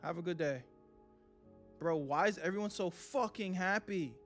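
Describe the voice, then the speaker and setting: A man's voice: high voice, moderate pace, a bit bright, faint music behind. A young man streaming a game live, swearing and talking nervously to his chat as he plays. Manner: jittery, swearing, talks to chat. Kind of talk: live gameplay commentary.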